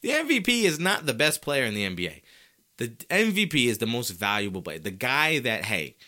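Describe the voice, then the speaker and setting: Hosting a solo sports talk show, this man speaks fairly quickly in a bright voice with a forward edge, his pitch swinging widely. He's animated and argumentative, firing off rhetorical questions and casual slang directly at his listeners.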